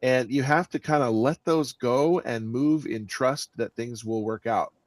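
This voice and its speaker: A man speaking as the guest author in an interview, with an expressive delivery that stresses words and often restarts his sentences. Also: medium pitch, a little slow, no echo. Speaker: guest author and audiobook narrator. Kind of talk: conversational interview answers.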